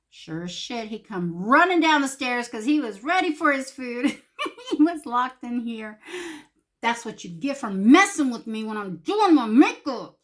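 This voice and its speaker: A woman's voice: a little high, measured pace. Salty, laughing woman telling a story. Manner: salty, laughing, animated voices for quotes. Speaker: beauty vlogger. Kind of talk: casual storytelling while doing makeup. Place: home makeup room.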